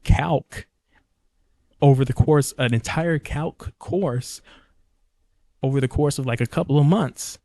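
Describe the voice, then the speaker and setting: A man's voice: medium pitch, darkish tone, dry recording, clean studio sound. A young man hosting his own podcast, talking casually in a rambling, jokey way and often correcting himself mid-sentence. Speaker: podcast host. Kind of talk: casual solo podcast monologue.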